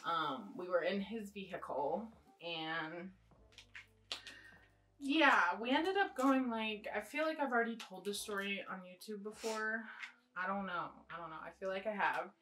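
A young adult woman chats while she does her makeup for a get-ready-with-me video. Her voice is bright and pushes forward, and she rambles bluntly with casual swearing. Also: mid-range voice, unhurried, low-quality recording. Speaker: beauty vlogger.

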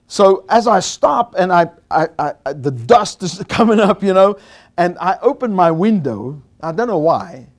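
Preaching slightly slowly to Bible college listeners, a South African man tells stories in an animated sermon. At its peaks his voice rises to shouting.

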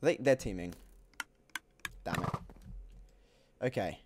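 A young man giving excitable, jokey commentary while playing a video game, swinging between loud outbursts and quiet muttering. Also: deep voice, slow, noisy background. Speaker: gaming YouTuber. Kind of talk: gameplay commentary.

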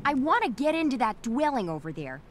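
A woman's voice: high-pitched, big pitch swings, brisk, over a noisy crowd. A woman voicing a cheerful female creature archaeologist in a video game, with a Minnesotan accent and folksy manner. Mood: cheery. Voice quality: folksy, upbeat. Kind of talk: video game character dialogue. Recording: game audio with music behind.

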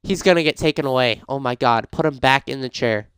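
Man doing casual game commentary, smooth and dry. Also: medium pitch, brisk, no room sound. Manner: reads game prompts aloud, grows frantic and shouty. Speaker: gaming YouTuber. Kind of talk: casual let's-play commentary.

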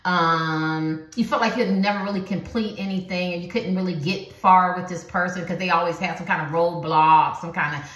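A woman's voice: fairly low pitch, steady tone, normal speed, hardly any pauses, a bit bright, echoey room, poor audio. A woman giving a casual, profane tarot reading into her phone, laughing often. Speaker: tarot card reader.

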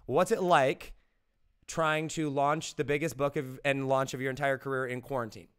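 A man hosting a casual interview podcast, hyped and promotional as he pushes a book and moves into quick questions. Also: mid-range voice, fairly even intonation, noisy background. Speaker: podcast host.

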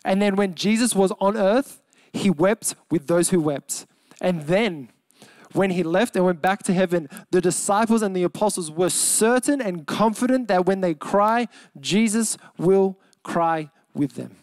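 A man's voice: sits high, no echo. Earnest Australian man preaching, dry sound. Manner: earnest, emphatic preaching with slowed, softened key words. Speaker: pastor. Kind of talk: sermon.

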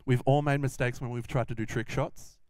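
A young adult man tells a Bible story to children in a relaxed, chatty way. His voice sits mid-range and sounds dry and close to the mic. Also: medium pitch, brisk, dry recording. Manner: casual, chatty storytelling to kids. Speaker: children's minister.

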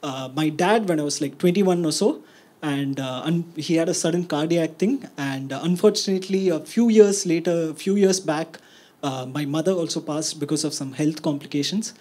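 A man's voice: a little high, moderate pace. A man doing a stand-up comedy set, telling stories animatedly before a live audience. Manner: animated storytelling, sombre in the closing part.

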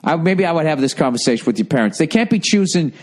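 A man's voice: a little high, expressive, fast talker. Profane American man ranting advice. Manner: profane, mocking, reads letters aloud with running jokes. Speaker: podcast host giving advice. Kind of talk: casual comic advice rant.

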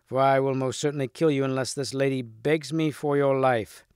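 A man reading as a gentle, steadfast young knight. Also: medium pitch, steady tone, normal speed, clear, resonant tone, no echo, studio quality, lightly acted. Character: brave, courteous young knight.

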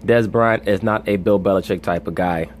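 Low-voiced blunt male sports vlogger. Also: moderate pace, a little hiss or hum. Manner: blunt and profane, opinionated. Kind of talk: casual sports commentary.

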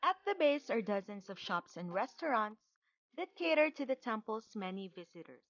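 A woman reading a scripted travel voice-over in a measured, informative guide tone. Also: fairly high pitch, big pitch swings, a bit bright, dry recording, lo-fi sound. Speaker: travel vlogger.

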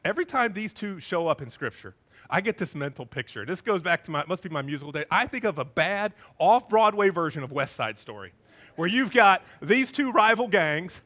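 A male pastor with a high voice preaches a sermon, telling the story in an animated way and acting out the scenes.

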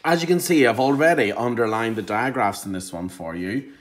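A man teaching a phonics lesson to young children, encouraging them and sounding out words clearly. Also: medium pitch, fairly quick.

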